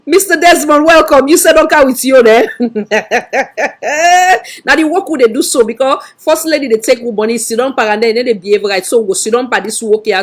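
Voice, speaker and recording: Sierra Leonean woman commentator, mid-pitched and breathy, lecturing hard in Krio-accented English. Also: a little mellow. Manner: scolding, rhetorical questions. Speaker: online political commentator. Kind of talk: livestream commentary.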